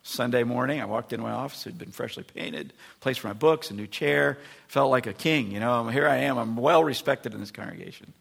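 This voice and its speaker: A male pastor delivers a sermon in a lively storytelling way, slipping into the voices of the people he describes. His voice is gravelly and a little husky. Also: mid-range voice, brisk, hardly any pauses. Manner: animated storytelling, acting out voices.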